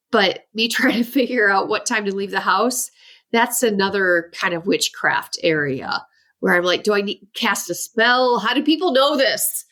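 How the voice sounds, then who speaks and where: A woman guest expert on a parenting interview, talking in a lively way, often laughing and acting out the voices of people she quotes. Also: medium pitch. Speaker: guest expert, ADHD coach. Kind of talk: animated interview talk.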